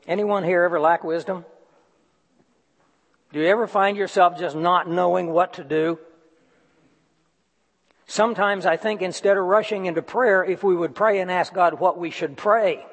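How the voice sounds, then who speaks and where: Male preacher, fairly high voice, measured sermon delivery, long hall reverb. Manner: slow, deliberate emphasis with reading aloud.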